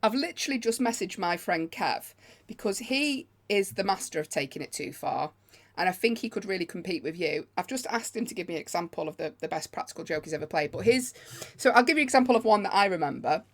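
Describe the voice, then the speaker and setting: A woman co-hosting a podcast, chatting in a quick, reactive way. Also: on the low side, lively intonation. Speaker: podcast co-host. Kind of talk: casual chat.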